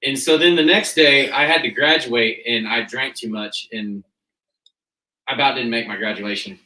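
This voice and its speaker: Young Kansas cowboy, lively storyteller, bright slightly high voice, roomy far-off mic. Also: male voice, normal speed. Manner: animated, laughing through the tale, acting out quotes. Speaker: guest, rodeo cowboy. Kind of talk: casual storytelling. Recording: roomy sound from a distant mic.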